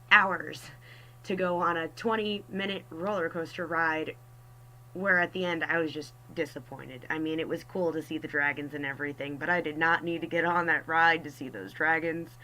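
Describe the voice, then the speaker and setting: A woman's voice: deep voice, steady tone, moderate pace, bright, forceful tone, poor audio. A young woman telling a personal story in a casual, chatty way, wry and self-mocking. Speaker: artist storyteller.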